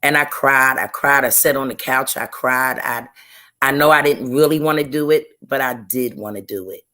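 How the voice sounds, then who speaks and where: A female guest author with an extremely low pitch and a sharp tone relates an emotional testimony in an interview. Slow and earnest, she often repeats her phrases.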